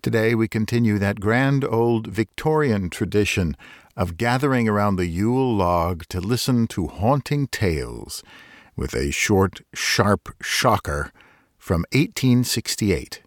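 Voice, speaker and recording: Deep-voiced librarian reading aloud. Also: male voice, expressive, no echo, clean studio sound. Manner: measured, dramatic storytelling. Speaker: librarian and story reader. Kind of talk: scripted narration of a Victorian ghost story.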